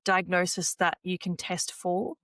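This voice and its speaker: At a measured pace and on the low side, a young woman's voice comes through with no room sound. As a podcast guest and former swimmer, she tells interview stories in a relaxed way, quoting what she and others said and often saying "like" and "you know."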